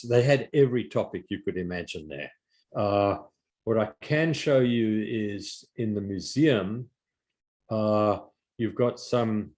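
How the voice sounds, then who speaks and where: An older man giving an informal art history slide lecture, halting with many fillers and restarts. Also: fairly low pitch, darkish tone.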